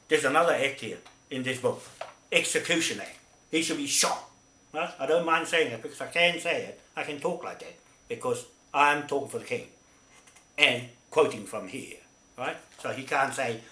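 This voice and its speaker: A man's voice: medium pitch, sharp tone. Emphatic New man in an echoey room. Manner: emphatic, repetitive, with frequent "right?" tags. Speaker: activist speaking to camera. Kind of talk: rambling monologue.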